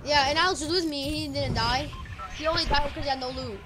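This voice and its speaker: A woman streaming a game with teammates, yelling and trash-talking loudly with lots of swearing. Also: sits high, fairly quick. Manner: loud, profane trash-talking. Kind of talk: live game-stream chatter. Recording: noisy stream audio.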